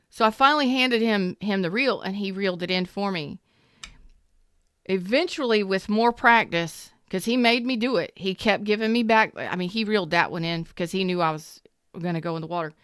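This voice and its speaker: Woman tarot reader, casual and emphatic, smooth clear voice, dry close sound, repeats herself for effect. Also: mid-range voice, a bit bright, dry recording. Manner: repetitive, emphatic, storytelling. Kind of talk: casual spoken tarot reading.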